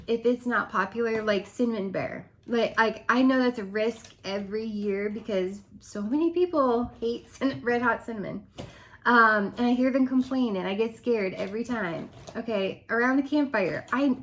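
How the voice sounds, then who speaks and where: Animated woman with a higher voice. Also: unhurried. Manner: animated, laughs often, drops to dramatic whispers. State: losing her voice. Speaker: direct-sales consultant. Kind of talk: casual vlog rant.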